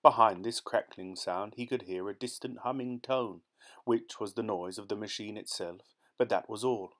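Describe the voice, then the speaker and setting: A man narrating a short story as an audiobook reader, in a steady, measured way. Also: on the low side. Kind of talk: scripted narration.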